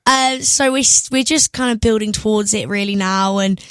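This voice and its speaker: A woman's voice: mid-range voice, moderate pace, a bit bright, smooth, dry recording. Chatty young English woman, dry sound. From England. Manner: chatty, laughs often, many fillers. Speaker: guest singer. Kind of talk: casual radio interview.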